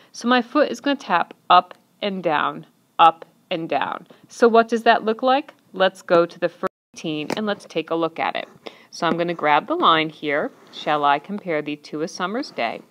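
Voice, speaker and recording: A woman's voice: fairly low pitch, a bit bright. Woman, teacher, screencast lesson narration, patient, step-by-step. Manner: patient, step-by-step, counts and claps out syllables.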